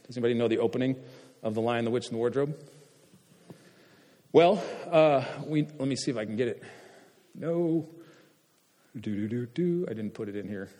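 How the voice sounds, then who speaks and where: A man's voice: medium pitch, dark tone. Man lecturing in an echoing hall. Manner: asks the audience questions, halting with fillers and restarts. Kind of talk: classroom lecture.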